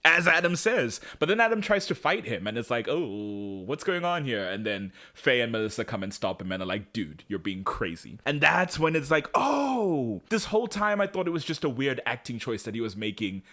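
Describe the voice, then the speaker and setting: Animated man recapping with lively pitch. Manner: animated, acts out characters' lines in quick voices. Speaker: podcast co-host. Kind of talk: casual TV episode recap.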